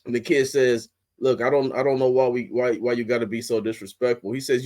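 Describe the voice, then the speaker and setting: A young man rants as a sports podcast host, cussing freely and pushing his voice up when he gets worked up. His pitch sits in an ordinary middle range, and his delivery is blunt and heated throughout. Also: little pitch movement, a little fast, a little mellow. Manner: heated, blunt, heavy swearing, rising to outbursts. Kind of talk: profane ranting commentary.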